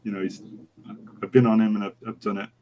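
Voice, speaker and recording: A man's voice: lowish voice, fast, a little hiss or hum, low-quality recording. A middle-aged man, a horse trainer, telling a story as a podcast interview guest and acting out the dialogue as he goes. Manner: animated anecdote, acting out quoted dialogue.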